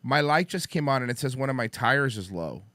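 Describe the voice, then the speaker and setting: A man with a mid-range voice talks briskly, recorded without echo. Hosting a talk show, he tells a story in casual chat, animated and swearing, acting out the people he met.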